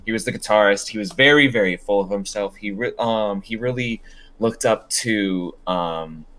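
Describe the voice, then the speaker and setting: A young man co-hosting a podcast, telling animated stories in casual chat and laughing often. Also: fairly low pitch, normal speed. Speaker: podcast co-host.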